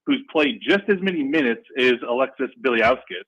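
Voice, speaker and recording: A man calling in to a sports radio show, talking in an energetic, excitable and rambling way. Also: mid-range voice, fairly quick. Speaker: regular caller. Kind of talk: casual sports talk radio call. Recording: dull lo-fi phone line.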